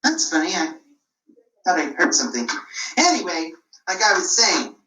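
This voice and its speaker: A woman's voice: on the low side, very animated, moderate pace, echoey room, distant mic, voice pushed down, low-quality recording. A woman voicing a bored, mischievous shepherd boy who pranks the village, teasing and whiny, in a puppet show. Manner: whiny and teasing, loud shouting cries.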